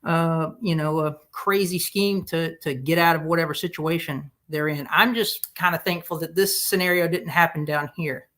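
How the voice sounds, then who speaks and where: A man with a Southern United States accent answering as a podcast guest, easygoing and pausing to search for words. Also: on the high side, steady tone, sharp tone. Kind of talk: casual interview answers.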